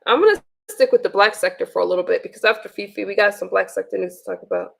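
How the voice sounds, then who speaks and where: A woman's voice: medium pitch, fast talker, gravelly, fairly bright tone. A woman hosting a casual livestream, venting bluntly with profanity and frequent restarts. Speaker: livestream host.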